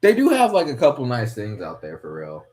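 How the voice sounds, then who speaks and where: A man's voice: mid-range voice, huge pitch swings, brisk, darkish tone. A young man from West Virginia rambling casually as a host while watching fights, swearing freely and talking to himself.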